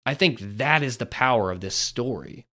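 A man's voice: mid-range voice, animated, normal speed, pushed and bright. A man hosting a devotional podcast, talking in an earnest, storytelling way. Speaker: podcast host.

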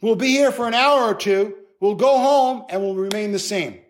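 High-voiced animated male preacher. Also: moderate pace. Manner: animated, conversational preaching with playful acted asides. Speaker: pastor. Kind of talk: sermon.

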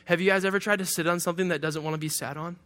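High-voiced man preaching a joking sermon. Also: fairly even intonation, very fast, a bit bright. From Detroit, USA. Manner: humorous, conversational preaching with asides. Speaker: pastor.

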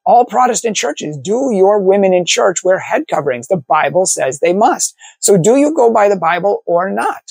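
A man's voice: sits high, very animated, normal speed, creaky, few pauses, darkish tone, husky, dry recording. A man, a Catholic apologist, delivering an argumentative monologue full of rhetorical questions. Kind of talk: opinion monologue to camera.

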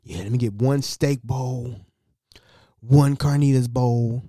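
A man's voice: medium pitch, slow pace, mellow, no echo, clean studio sound. A man doing a pushy late-night customer. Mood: insistent.

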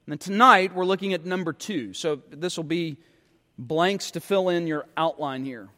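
A male pastor delivers a sermon, teaching earnestly and often repeating words as he works through a passage. His voice sits high for a man. The recording carries a long reverb from a large hall. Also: normal speed, bright, forceful tone.

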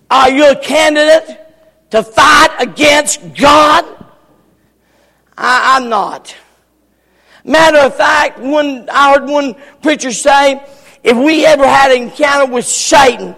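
A man pastor preaching a sermon in an emphatic, folksy style, often raising his voice to a shout. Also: extremely high pitch, measured pace. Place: church sanctuary. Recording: long hall reverb.

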